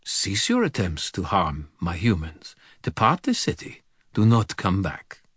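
Storybook hero: a man playing a gentle, dryly polite male guard dog, lifted above his low husky voice. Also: a little slow, no echo, clean studio sound, exaggerated voice. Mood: calm. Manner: calm, gentle, wryly polite.

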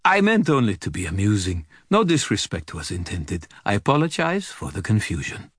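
Storybook hero: a man playing a gentle, dryly polite male guard dog, lifted above his low husky voice. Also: normal speed, no room sound, studio quality, full character voice. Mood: calm. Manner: calm, gentle, wryly polite.

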